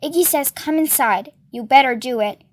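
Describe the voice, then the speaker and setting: Casting: rough chatty chain-smoking woman, high voice, read by a woman. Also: normal speed, lightly acted.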